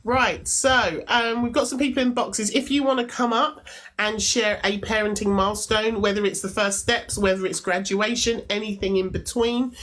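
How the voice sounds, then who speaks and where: A woman's voice: medium pitch, steady tone, normal speed, a bit bright, poor audio. A woman hosting a live call-in stream, friendly and organised, who keeps callers moving.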